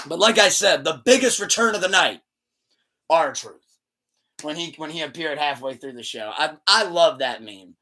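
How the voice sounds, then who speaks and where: Male podcast host, tense bright tone, animated retelling, casual and profane. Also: on the high side, normal speed. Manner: loose, rambling, swears freely; animated retelling with acted-out quotes. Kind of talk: casual chat.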